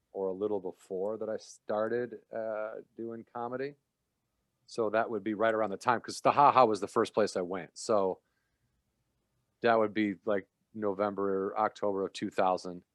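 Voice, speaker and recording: A man's voice: on the low side, no echo. A man, a guest comedian on a podcast, telling stories in casual chat and acting out what others said with laughs. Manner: animated storyteller, acts out quoted lines, laughs while talking. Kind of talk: casual interview chat, storytelling.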